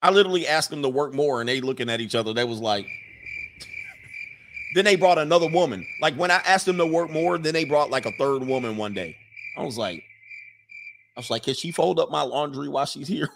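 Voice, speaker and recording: A man's voice: mid-range voice, lively intonation, brisk, long pauses, fairly bright tone, slight background noise. A man riffing casually and comically as a streamer reading viewer comments, slangy and crude, breaking into laughter often.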